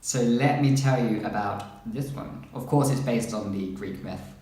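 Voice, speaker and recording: A man's voice: medium pitch, measured pace, warm tone. A man chatting casually as a book vlogger, rambling through the books he is looking forward to and reading their synopses aloud. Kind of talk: casual chat about upcoming books. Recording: very echoey room.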